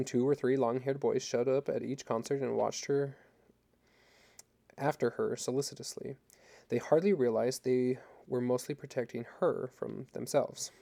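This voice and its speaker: A man reads a novel aloud at an even, measured pace. His voice is dark and mellow. A gravelly texture runs through his words. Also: mid-range voice. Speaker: narrator. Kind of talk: audiobook reading.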